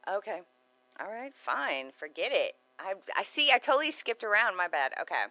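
A woman's voice: mid-range voice, big pitch swings, moderate pace, pushed and bright, dry recording. A woman co-hosting a radio show in casual banter, bubbly and jokey, laughing often.

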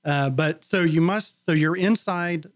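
Chatty radio host man, slightly high voice. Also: no room sound. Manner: chatty, quick interjections, joking. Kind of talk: casual interview. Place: radio studio.

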